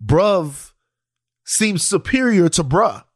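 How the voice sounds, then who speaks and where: Lively animated man chatting. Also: high-pitched, slow, husky, no echo, clean studio sound. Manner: animated storytelling, lots of restarts and "you know". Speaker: podcast co-host. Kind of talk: casual chat.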